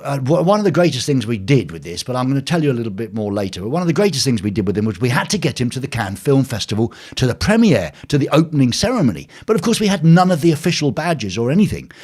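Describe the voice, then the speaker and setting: Animated older man telling a story. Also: mid-range voice, quick pace, few pauses. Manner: animated, acts out voices in anecdotes. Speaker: host. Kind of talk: storytelling live stream. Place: his home.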